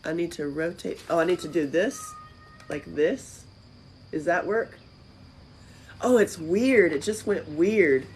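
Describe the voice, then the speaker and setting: Woman host, casual livestream, lowish voice, chatty and lively. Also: takes it slowly, long pauses, slight background noise. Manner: lively and chatty, reads comments aloud. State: voice lower than usual. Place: friend's house. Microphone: phone camera.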